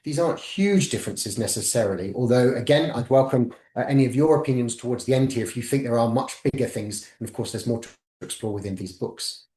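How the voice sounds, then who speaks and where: A man's voice: medium pitch, fast, hardly any pauses, warm tone. A man gives an academic webinar in a mid-range voice, stepping methodically through one slide after another. His voice carries a roomy echo around it. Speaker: webinar presenter.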